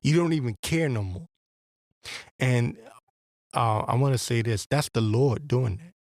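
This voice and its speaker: A man's voice: mid-range voice, lively intonation, unhurried, darkish tone, no echo, studio quality. A man hosting a podcast, delivering a blunt, profane, rambling religious commentary with a preacher-like edge. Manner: rambling with restarts. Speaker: podcast host.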